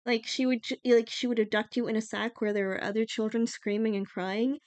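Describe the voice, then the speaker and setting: A woman's voice: on the high side, flat delivery, fairly quick, a little mellow, no room sound. A young woman from Iceland chatting casually on a livestream, giggling often and using lots of fillers.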